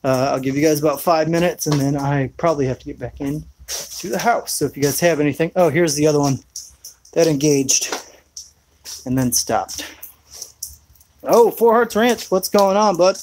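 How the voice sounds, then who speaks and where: A man's voice: on the high side, normal speed, long pauses, a little mellow, slight background noise, poor audio. A man rambling through a laid-back live chat outdoors in his rainy backyard, full of fillers. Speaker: homesteading vlogger.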